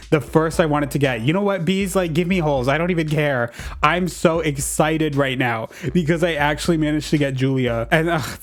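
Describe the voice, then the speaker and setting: A man giving casual, excitable gameplay commentary as a YouTuber, chatty and gossipy. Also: fairly high pitch. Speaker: gaming YouTuber.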